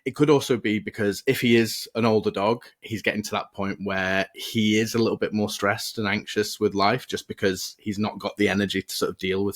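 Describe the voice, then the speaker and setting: A man, a guest dog behaviourist calmly explaining advice on a podcast. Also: lowish voice. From United Kingdom. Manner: calm, explanatory, practical.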